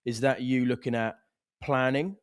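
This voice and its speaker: A man's voice: medium pitch, steady tone, normal speed, no room sound. Laddish man in dry-sounding banter. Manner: laddish, laughs a lot, swears, calls people mate. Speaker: podcast co-host. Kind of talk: casual banter among friends.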